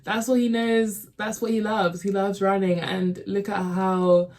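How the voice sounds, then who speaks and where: A woman's voice: medium pitch, little pitch movement, a little slow, darkish tone. A young woman hosting a movie reaction, chatting with emotion and a lot of filler words. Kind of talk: casual reaction commentary.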